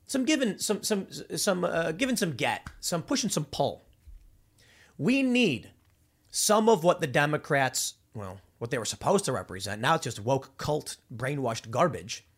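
A man from Chicago hosting a political commentary show, talking off the cuff in an animated, rambling way full of restarts and repeated words. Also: on the high side, moderate pace, slightly rough. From Chicago, USA. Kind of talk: unscripted political monologue.

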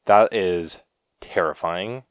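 A man's voice: low-pitched, slow pace, no room sound, studio quality. A man co-hosting a podcast, chatting casually about a movie in a laid-back way and reading trivia aloud. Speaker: podcast co-host.

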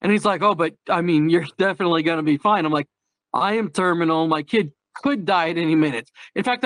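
A man's voice: a little high, a bit bright, dry recording. A man with a slightly raised voice chats in a candid, darkly humorous way, often laughing as he tells a story. The sound is dry and close, with no room around it. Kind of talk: casual chat.

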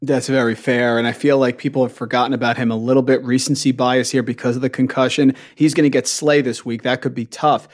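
Man, podcast host, mid-pitched everyday voice, friendly joking questions. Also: level tone, quick pace, hardly any pauses. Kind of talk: casual podcast chat.

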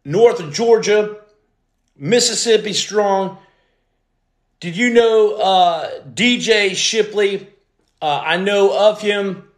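A man's voice: high-pitched, takes it slowly, long pauses, echoey room. A man hosting a motivational livestream, greeting viewers and reading their comments aloud. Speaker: podcast host, former Navy SEAL.

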